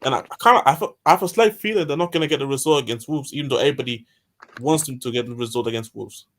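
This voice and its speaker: A man's voice: mid-range voice, rapid-fire, slight background noise. A man in casual football chat who rambles and repeats himself as he makes his point.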